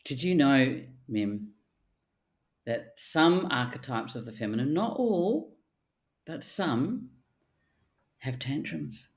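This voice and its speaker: A middle-aged woman, a therapist speaking in casual podcast chat, animated and blunt, with the odd swear word. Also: rumbling low, takes it slowly, pauses often. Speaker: archetypal therapist guest.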